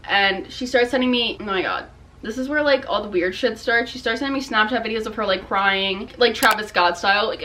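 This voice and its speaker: A young woman tells a personal story straight to camera in a storytime vlog. Her voice is bright and sits fairly high, and she swears freely and fills her talk with "like". She sounds fed up and talks to her viewers like friends. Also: brisk, soft background music. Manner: casual, profane and exasperated, with frequent "like". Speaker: vlogger.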